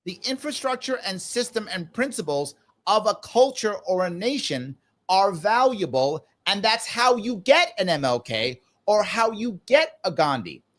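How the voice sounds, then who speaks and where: This middle-aged man, hosting a live political talk, speaks a little slowly with a high-pitched voice. He stays emphatic and animated, repeating his points to hammer them in.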